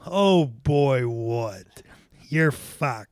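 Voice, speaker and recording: A man's voice: medium pitch, lively intonation, drawn-out words, smooth, dry recording, studio quality. A man voicing a prim, polite female rental clerk without trying an accent.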